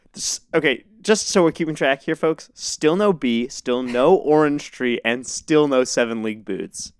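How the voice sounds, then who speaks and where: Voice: mid-range voice, measured pace, clear, resonant tone, no echo. A podcast co-host making dry, sarcastic remarks during a story. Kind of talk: casual comedic banter.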